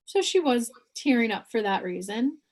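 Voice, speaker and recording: A woman giving a spiritual reading as a psychic medium, animated and acting out quoted voices in her own voice. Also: a little high, normal speed.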